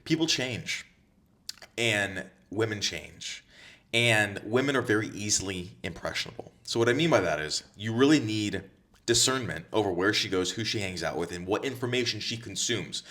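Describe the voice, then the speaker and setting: A man's voice: medium pitch, fairly bright tone. A man coaching other men on dating, talking bluntly and with heavy swearing, repeating his points for emphasis. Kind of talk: direct-to-camera advice monologue.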